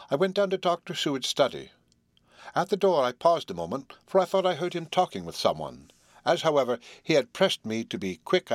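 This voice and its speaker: A man narrating a classic novel as an audiobook in a measured, even storytelling voice. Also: mid-range voice, no echo, clean studio sound. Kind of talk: scripted narration.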